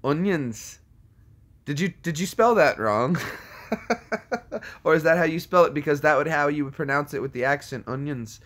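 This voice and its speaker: A man chats casually as a streamer, answering viewer comments with jokes, riffing on movie quotes and putting on silly voices. His voice is a little high and a bit bright, at normal speed with frequent pauses.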